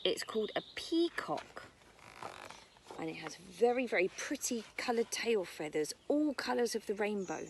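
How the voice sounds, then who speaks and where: A woman's voice: medium pitch, very animated, normal speed, slight background noise. A British woman who teaches nursery, reading a picture book about birds to young children outdoors in a garden, using a sing-song storytime voice. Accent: British English.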